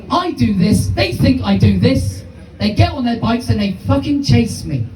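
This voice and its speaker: A man tells a rambling stand-up story full of swearing. His voice is mellow and dark. He sounds far off in an echoey room. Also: very high voice. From United Kingdom. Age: 50s. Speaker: stand-up comedian. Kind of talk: live stand-up comedy. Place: small comedy venue with audience. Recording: distant, echoey live room.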